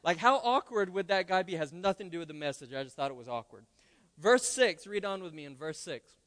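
A male pastor giving a lively, conversational sermon with playful asides, recorded in a church. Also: high-pitched, fairly quick. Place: church sanctuary. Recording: long church hall reverb.

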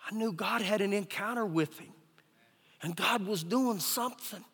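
Preacher guy, really high voice, swings loud then quiet, big church echo. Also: fairly quick. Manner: emphatic preaching, rises loud then drops soft. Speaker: pastor. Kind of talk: sermon. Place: church sanctuary. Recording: live church recording with long hall reverb.

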